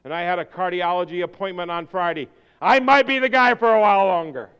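A male pastor preaches with a high, smooth, resonant voice. He drops to quiet intensity, then builds to shouted exhortation. His voice rings through a large hall with a long reverb. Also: a little fast, lo-fi sound. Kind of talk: sermon.

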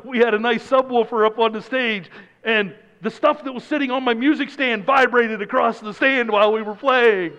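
A man preaching a sermon, moving from loud emphatic lines to hushed, low passages. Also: fairly even intonation, moderate pace, long reverb tail, dull audio. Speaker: pastor.

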